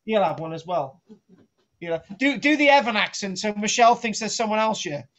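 A man's voice: sits high, expressive, brisk, fairly bright tone. A middle-aged man giving a rambling, jokey archaeology lesson on a live stream, teasing his co-host and restarting his sentences. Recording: dull lo-fi home stream audio.

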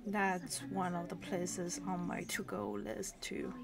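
A woman in her thirties hosting a reaction video, chatting casually and gushing excitedly as she laughs. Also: lowish voice, slow pace, a crowd in the background. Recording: noisy home recording with clicks.

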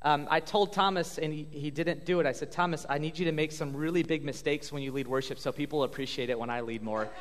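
High-voiced joking pastor in a hall. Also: male voice. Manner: upbeat, joking, halting with fillers. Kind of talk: church stage interview. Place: church sanctuary. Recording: long hall reverb.

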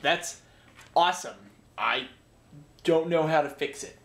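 A man's voice: a little high, a little slow, gravelly, a bit bright. Rambling young man vlogging at home. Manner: rambling, self-mocking, chatty. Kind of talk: casual daily vlog. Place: indoors at home.

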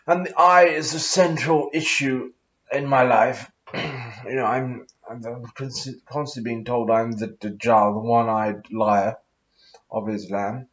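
A man's voice: medium pitch, steady tone, takes it slowly, a bit bright. A man rambling through a solo monologue in a put-on posh accent, reading verses aloud, adding loose comments and humming to himself. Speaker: vlogger. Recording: dull lo-fi recording.

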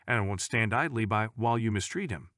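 A man's voice: fairly low pitch, fairly quick, dry recording, studio quality. A man reading a firm, loyal wife. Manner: firm and steady. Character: loyal protective adult wife.

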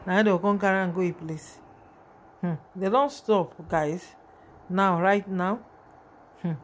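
A woman with a Nigerian accent talks her viewers through a video in loose, rambling commentary. Her voice sits at a middle pitch, and she sounds heavy with emotion as she keeps turning back to her audience. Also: a little slow, a little hiss or hum. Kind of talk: casual commentary vlog.

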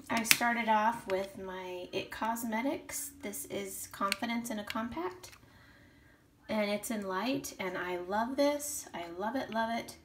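A woman vlogger chatting casually through her makeup, rambling a bit and often clearing her throat. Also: fairly high pitch, a little hiss or hum. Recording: roomy echo.

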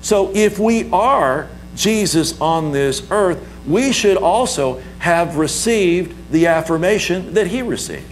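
A man's voice: sits high, expressive, slow pace, hardly any pauses, slight background noise, poor audio. A man preaching a sermon as pastor, emphatic and repetitive, leading the congregation in call-and-response.

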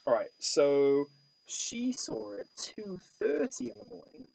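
Husky guy playing a detective board game solo, lots of up and down in his voice, muttering through clues. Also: sits high, big pitch swings, measured pace, a little mellow, rough recording. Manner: thinking aloud, stammering restarts. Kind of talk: solo tabletop play-through with case reading.

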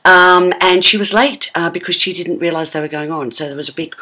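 An Australian woman chatting in a lively, theatrical way for her tour vlog, sometimes dropping to a whisper. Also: lowish voice, fairly quick, slightly rough. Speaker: vlogger.

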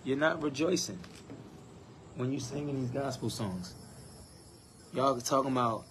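Male preacher, mid-pitched voice, teaching and questioning the congregation, faint hiss behind. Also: lively intonation, moderate pace. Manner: defines words one by one, asks the crowd questions, mimics complainers in a higher voice. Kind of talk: sermon.

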